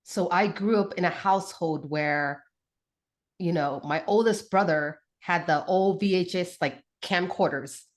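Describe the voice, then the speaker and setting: A woman, a guest on a talk show, telling a childhood story in a casual, animated way with lots of fillers and restarts. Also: lowish voice, a little slow. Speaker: podcast guest, mother.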